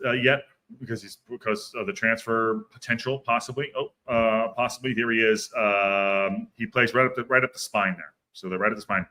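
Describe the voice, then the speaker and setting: A man's voice: mid-range voice, sharp tone. A man hosting a casual livestream football podcast, rambling and repeating himself as he reads out viewer comments. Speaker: podcast host.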